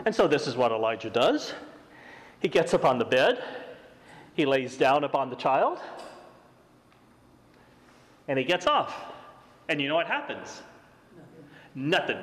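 A man preaching an expository sermon, emphatic and animated, often asking his listeners questions. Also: a little high, big-room sound, a little hiss or hum.

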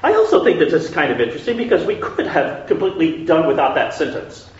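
A Bible teacher runs a conversational study at a quick pace, with lively, animated pitch, asking questions and repeatedly checking in with his listeners. He's recorded from afar in a very echoey room, and the sound comes out dull.

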